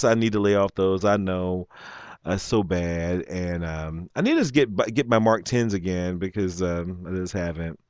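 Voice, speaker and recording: A man with a very low voice hosts a loose solo podcast, rambling with plenty of ums and self-corrections. His voice is close and dry, with no room sound behind it. He is fighting a cough. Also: a little mellow, clear, resonant tone, no room sound. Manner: rambling, many ums and restarts. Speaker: podcast host. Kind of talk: casual solo talk show.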